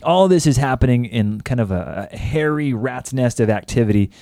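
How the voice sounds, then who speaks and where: A man's voice: medium pitch, expressive, moderate pace, dark tone, no room sound, clean studio sound. A man co-hosting a Bible podcast, chiming in with upbeat comments and quips. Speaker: podcast co-host. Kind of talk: casual Bible study chat.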